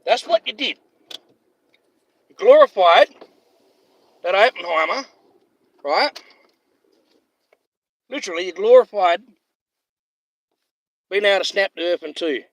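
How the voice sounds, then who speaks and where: A man's voice: high-pitched, animated, measured pace, long pauses, no echo. A man ranting heatedly on a livestream, swearing constantly and repeating himself. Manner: profane, heated, repetitive.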